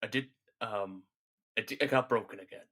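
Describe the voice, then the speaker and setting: A man co-hosting a comedy podcast, deadpan and matter-of-fact as he defends absurd schemes. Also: fairly low pitch, normal speed. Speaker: co-host. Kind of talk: improvised comedy bit. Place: inside a wall, muffled through a small hole.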